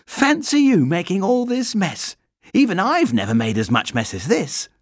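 A man's voice: sits high, huge pitch swings, normal speed, dry recording, studio quality, pitched above the performer's own voice, full character voice. A man doing an eager young boy. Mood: excited. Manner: eager and admiring. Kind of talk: storybook reading.

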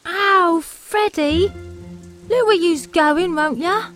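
A man voicing a cheeky young flower girl with a Cockney accent, loud and brash in a storybook reading. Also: very high voice, very animated, faint music behind, voice pushed up, full character voice. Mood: indignant. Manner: loud, brash, drawn-out protests.

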